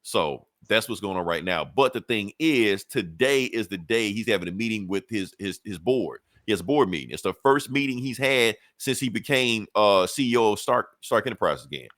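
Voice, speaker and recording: At a moderate pace with few pauses, this man co-hosts a podcast and recaps a comic book, animatedly voicing the characters so his pitch swings widely. His talk is casual, slangy and heavy on swearing. The audio is close-miked and dry, free of room echo.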